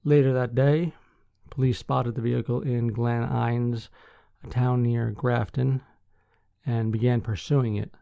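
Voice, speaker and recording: A man's voice: mid-range voice, little pitch movement, unhurried, vocal fry, dry recording, phone-quality sound. A sleepy man hosting a podcast, reading news stories aloud and breaking off for dry asides. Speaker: podcast host.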